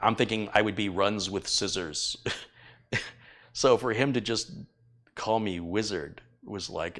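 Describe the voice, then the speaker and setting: A man's voice: on the low side, fairly bright tone. A middle-aged man chatting casually on a live tech stream, rambling and self-deprecating as he thanks viewers. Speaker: tech YouTuber reading donations.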